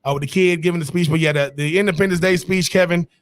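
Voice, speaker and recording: High-pitched and steady in tone, this sports podcast co-host talks at a quick pace. He rambles through a casual argument over players and movie speeches, frequently restarting, his slang carrying a Southern tinge.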